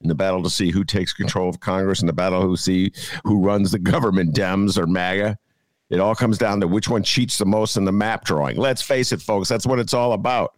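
A man's voice: low voice, a little fast, dry recording. A middle-aged man hosting a casual political talk show, jokey and rambling. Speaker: podcast host.

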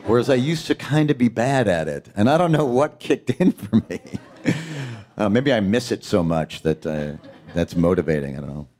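A man from Queens, an actor, chatting as a guest in a jokey, animated way and slipping into impressions. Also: fairly low pitch, moderate pace. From Queens, New York. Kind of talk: casual interview chat.

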